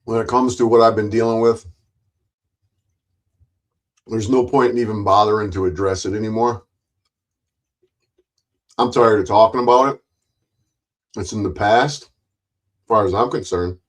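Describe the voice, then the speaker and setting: A man's voice: fairly low pitch, fairly even intonation, a little slow, pauses often. A man streaming an angry ranting monologue, blunt and full of swearing, repeating himself with frequent restarts and mocking other people's voices.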